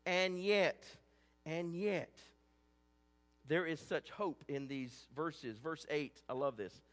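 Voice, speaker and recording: A man's voice: on the high side, takes it slowly, fairly bright tone, long reverb tail. A man preaching a sermon as a pastor, earnest and conversational, often restarting his words.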